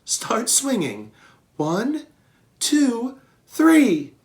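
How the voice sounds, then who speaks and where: A man voicing a calm, motherly female elephant who leads the herd, speaking firmly and gently. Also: very high voice, very slow, pitched above the performer's own voice, full character voice. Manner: firm, gentle, in charge.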